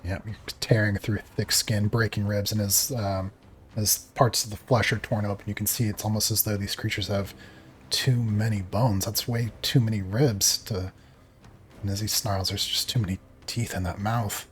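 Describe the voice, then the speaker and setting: A man's voice: on the low side, little pitch movement, normal speed, slight background noise. A man running a tabletop game as game master, narrating the fight in vivid, descriptive detail.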